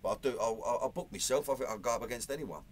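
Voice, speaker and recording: A man's voice: mid-range voice, rapid-fire, slight background noise. A man with a Cockney London accent chatting in an interview, blunt and matey, full of "you know" and "man". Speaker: actor being interviewed. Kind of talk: casual interview chat.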